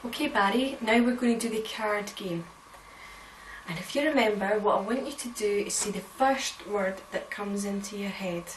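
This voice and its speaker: Woman as a slow-spoken, patient therapist, heard from far off in an echoey room. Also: medium pitch, slight background noise, lightly acted. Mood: coaxing. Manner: slow, deliberate instructing. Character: patient female speech therapist coaching slowly.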